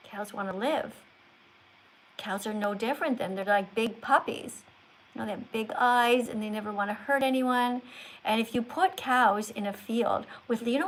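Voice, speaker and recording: A woman with a slightly high voice hosts a live stream, talking straight to her viewers. She sounds earnest and preachy, pleading with them and reading out their names to thank them. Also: rough recording. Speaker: livestream host.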